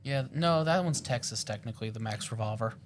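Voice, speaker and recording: Rambling excitable male podcast co-host. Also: mid-range voice, brisk. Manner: rambling and excitable, with frequent fillers and self-corrections. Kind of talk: casual chat.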